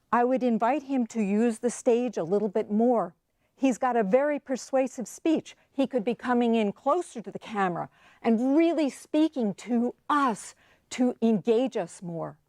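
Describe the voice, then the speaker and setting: A woman evaluating a speech, offering measured, constructive feedback over a video call. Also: fairly high pitch, a little mellow, dry recording, studio quality. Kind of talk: spoken feedback.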